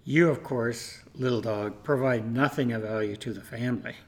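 A man's voice: medium pitch, moderate pace, voice pushed down, natural voice. A man doing a haughty cow, dismissive, self-important.

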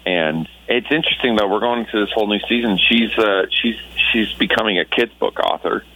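A man's voice: on the low side, brisk, sharp tone, poor audio. A man in his thirties, a Christian musician being interviewed, talking in an earnest, reflective way with many restarts. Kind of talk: casual radio interview.

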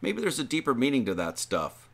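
A man's voice: mid-range voice, wildly swooping pitch, fairly quick. A man giving an informal sermon, reading scripture aloud and explaining it in a conversational, rambling way, stretching out phrases for emphasis. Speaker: preacher.

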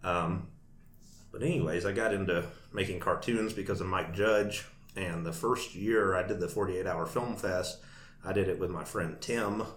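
A man's voice: low-pitched, moderate pace. A man chatting as an interview guest, telling a long story with many fillers and frequent laughs. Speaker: guest cartoonist. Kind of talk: casual interview chat. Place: Nashville. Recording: echoey room with faint noise.

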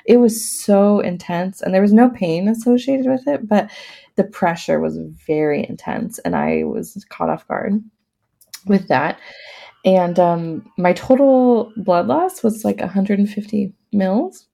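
Podcast guest, a woman with a low, gravelly, warm voice, chatty and casual, laughing often as she tells her story. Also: animated, unhurried. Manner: laughs often while talking; casual, many fillers. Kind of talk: personal storytelling in an interview.

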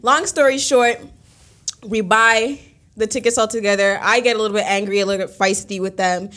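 A woman co-hosting a podcast, telling a personal story in a casual, animated way, with lots of fillers and big swings between excited peaks and quiet asides. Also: medium pitch, brisk. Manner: animated, emphatic, with frequent fillers. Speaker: podcast co-host.

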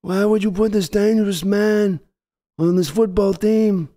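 A man putting on a mumbling old male mob boss voice, slow and pleading. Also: high-pitched, steady tone, mellow. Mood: solemn pleading.

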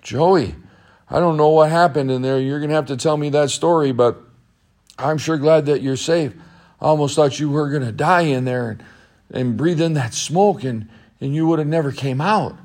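A man's voice: a little high, normal speed, darkish tone, lightly acted. A man voicing a lonely, caring lumberjack in a told story, talking earnestly and reassuringly. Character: kindly lone lumberjack, gruff but caring.

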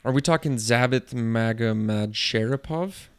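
A man's voice: mid-range voice, measured pace, clean tone. A man in casual chat, curious and blunt, asking many questions and reading out results.

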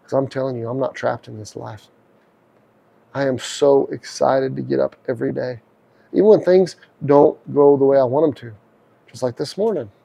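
A man's voice: medium pitch, moderate pace, creaky, warm tone, husky, rough recording. A middle-aged man hosting a devotional podcast, preaching in an earnest, conversational way. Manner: earnest, conversational, voices prayers aloud. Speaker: podcast host.

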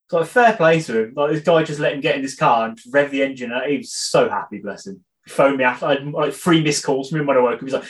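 A man in his thirties chatting easily on a podcast. His voice moves a lot in pitch, and he laughs often. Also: animated, fast talker. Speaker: podcast co-host. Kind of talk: casual chat.

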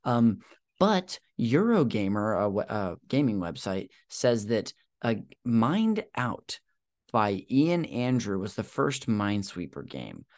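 Podcast host, male, lowish voice, rambling and hesitant delivery, casual chat. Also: big pitch swings, takes it slowly, a little mellow. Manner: rambling, hesitant with many ums, self-deprecating.

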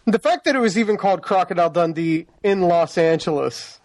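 A man's voice: high-pitched, fairly quick, darkish tone, dry recording. Wry man reading release list. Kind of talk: casual chat about movie releases.

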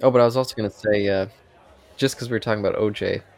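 A man with a lowish, gravelly voice talks quickly on a film podcast. He rambles through chatty asides, laughing as he goes. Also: steady tone, darkish tone. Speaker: podcast co-host. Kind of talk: casual film discussion.

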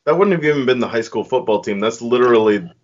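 A man with a husky voice in a casual group chat, joking and spinning silly scenarios. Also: mid-range voice, lively intonation, quick pace, muffled recording.

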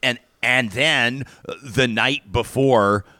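A man's voice: medium pitch, takes it slowly, pushed and bright, no echo, studio quality. A man hosting a live talk show, chatting earnestly and rambling with frequent restarts.

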